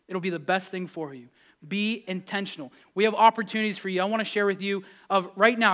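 High, bright-voiced exhorting pastor. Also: male voice. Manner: exhorting, repetitive, conversational with audience asides. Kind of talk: sermon.

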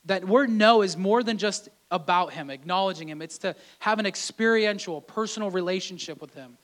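A pastor with a fairly high voice preaches in a relaxed, conversational manner. He often repeats words and restarts his phrases as he talks his congregation through scripture. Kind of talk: sermon.

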